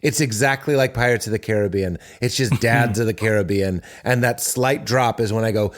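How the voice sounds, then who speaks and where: Man, forties, podcast guest, casual storytelling, acts out quotes, middle pitch. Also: brisk. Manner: animated storytelling with acted-out quotes. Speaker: comedian guest.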